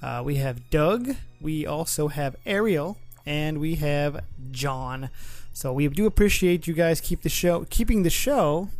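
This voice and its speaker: A man co-hosting a casual podcast, chatty and quick to laugh, with frequent restarts. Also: fairly high pitch, lively intonation, soft background music. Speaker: podcast co-host. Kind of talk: casual chat.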